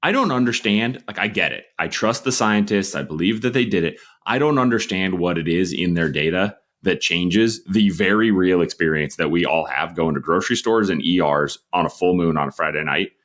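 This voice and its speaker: A man's voice: sits low, lively intonation, normal speed, hardly any pauses, a bit bright. An American man co-hosting a podcast, making wry, sarcastic asides in casual chat. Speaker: podcast co-host.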